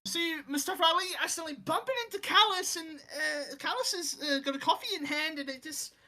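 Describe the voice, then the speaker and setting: A man with a very high-pitched voice, speaking a little fast, co-hosts casual commentary on a wrestling game. His chat is animated and packed with filler words.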